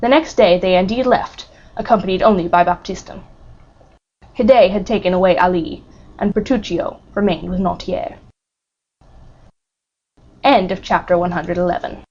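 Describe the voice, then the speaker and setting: A woman narrating an audiobook of a classic novel in a steady, dramatic reading. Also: fairly low pitch, normal speed, long pauses. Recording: muffled lo-fi recording.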